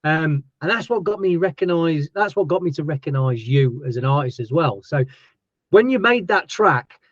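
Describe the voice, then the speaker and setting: Chatty Yorkshire host, dry dull sound. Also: male voice, on the high side, expressive, normal speed, dry recording. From Yorkshire, England. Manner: chatty, enthusiastic, many restarts. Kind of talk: casual interview chat.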